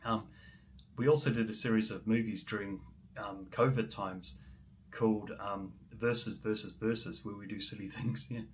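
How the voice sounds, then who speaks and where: A man's voice: fairly low pitch, steady tone, normal speed, a little hiss or hum. Chatty New man livestreaming. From New Zealand. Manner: chatty, answers viewer comments, many ums. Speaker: musician livestreamer. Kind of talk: casual livestream chat.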